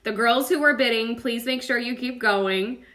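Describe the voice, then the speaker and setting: A woman's voice: fairly high pitch, normal speed, fairly bright tone. A woman, chatty and upbeat, running a casual live-stream auction and calling out bids by name. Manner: playful, laughs often.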